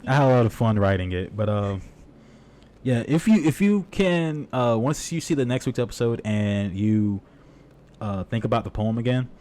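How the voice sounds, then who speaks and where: A man hosting a podcast, chatting casually and then reading his own poem aloud, halting and earnest with many restarts. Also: mid-range voice, animated, darkish tone. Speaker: podcast host.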